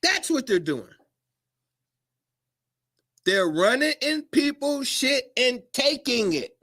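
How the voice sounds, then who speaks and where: A man speaking in a profane, preachy monologue to his viewers, often rising into shouts. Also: very high voice, big pitch swings, slow pace. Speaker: commentator. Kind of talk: animated monologue to camera.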